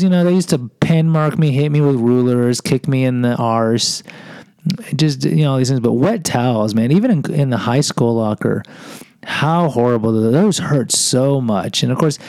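A man's voice: mid-range voice, expressive, measured pace, a little mellow, no echo, rough recording. A man from Houston, a podcast host, telling a personal story in a self-deprecating way and acting out what people said. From Houston, Texas. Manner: self-deprecating, acts out quoted voices.

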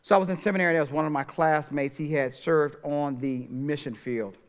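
Middle-aged guy preaching, bit high voice, gets quiet then booms. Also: steady tone, a little fast, clean tone. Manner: dynamic preaching, swings from hushed to loud. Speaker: pastor. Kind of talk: sermon.

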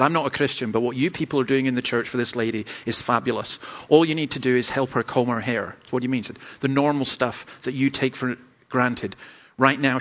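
A Scottish man delivers a sermon as a pastor, earnest and self-deprecating, sometimes tripping over his words as he restarts. His voice sits in an ordinary middle pitch. The recording is dull and slightly lo-fi. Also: a bit bright. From Scotland.

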